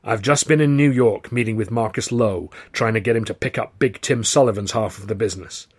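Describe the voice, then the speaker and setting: A man voicing a burly, gruff male American theatre boss who growls and barks his words, in a husky voice. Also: on the low side, brisk. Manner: growling, barking.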